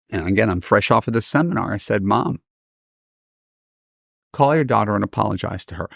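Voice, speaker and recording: A middle-aged man hosting a podcast, telling stories and giving advice in a lively, casual way and acting out the people he quotes. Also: on the low side, moderate pace, gravelly, no room sound, studio quality. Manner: animated, acts out quoted voices. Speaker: podcast host and dating coach. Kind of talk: casual storytelling advice talk.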